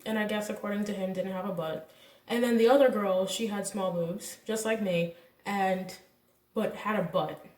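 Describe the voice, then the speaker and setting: A young woman vlogger casually telling a personal story, candid and animated, acting out what people said. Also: medium pitch, normal speed, recorded from a distance. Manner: candid, animated retelling with quoted voices and laughs. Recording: echoey room, voice a bit off-mic.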